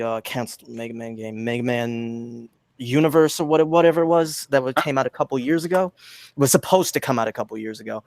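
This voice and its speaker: A man co-hosting a casual gaming podcast, giving measured, hedged opinions. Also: medium pitch, clear, resonant tone, no room sound.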